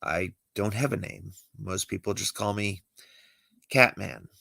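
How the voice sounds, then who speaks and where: Casting: man reading a cautious furry cat-man stowaway, low gravelly voice, mumbled and dry. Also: measured pace, sharp tone, no room sound, full character voice. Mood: wary. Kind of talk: amateur script read-through.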